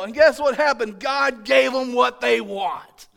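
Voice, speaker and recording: A man preaching a sermon as pastor, animated and joking, building to loud emphatic shouts. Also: very high-pitched, normal speed, vocal fry, hardly any pauses. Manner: animated, joking, playfully exasperated.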